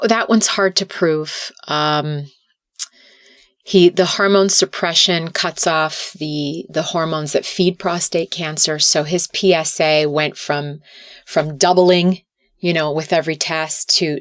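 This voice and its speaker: A woman's voice: sits low, fairly bright tone, no room sound, clean studio sound. A middle-aged woman talking earnestly as a podcast guest, sometimes repeating words as she restarts. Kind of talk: casual interview talk.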